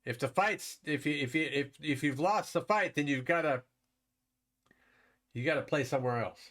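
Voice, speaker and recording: A man's voice: on the high side, moderate pace, fairly bright tone. A man from Wisconsin hosting a live stream, chatting casually with viewers while commenting on a board game and laughing often.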